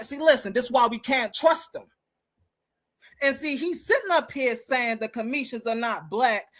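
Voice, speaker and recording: Combative higher-pitched woman host. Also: fairly bright tone. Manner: emphatic, combative, addresses listeners directly. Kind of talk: live-stream commentary rant.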